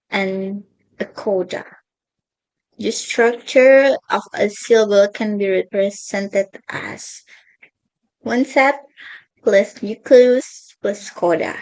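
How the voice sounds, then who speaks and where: A woman's voice: medium pitch, darkish tone, poor audio. A young woman reading out her class presentation on linguistics, carefully stressing each example word. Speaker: student presenter.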